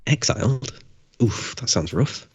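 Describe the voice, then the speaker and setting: A man's voice: mid-range voice, animated, unhurried, slightly rough, dull audio. A man doing a baffled, stumbling exiled leader. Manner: hesitant, stumbling, blunt swearing. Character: bewildered male leader in exile. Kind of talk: reading a comedy script live.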